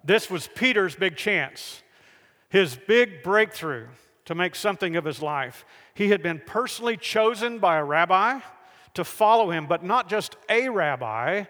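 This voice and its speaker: A man preaching a sermon, telling the stories in a lively way and acting out the people in them. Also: high voice, long reverb tail. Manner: animated storytelling, acts out the figures in the stories.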